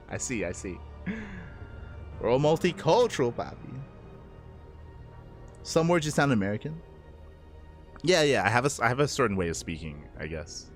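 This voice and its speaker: A relaxed male esports caster with a mild Australian lilt softened by a Spanish-speaking home, chatting loosely with his viewers. His pitch sits in an ordinary middle range, and faint music plays under the stream. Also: a little fast, long pauses. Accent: mild Australian, blended with Spanish-speaking upbringing. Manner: relaxed and chatty, answers chat, says "true, true" and "papi". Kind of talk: casual live stream commentary.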